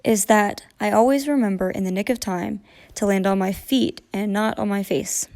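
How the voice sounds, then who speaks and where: A woman's voice: mid-range voice, fairly even intonation, moderate pace, darkish tone, natural voice. A woman voicing a dignified, pompous male owl in a storybook read-aloud.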